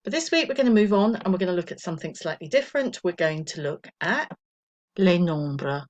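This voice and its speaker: A woman teaching a recorded French lesson to primary school children, patient and encouraging, counting slowly for pupils to repeat. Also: on the low side, sing-song, muffled recording.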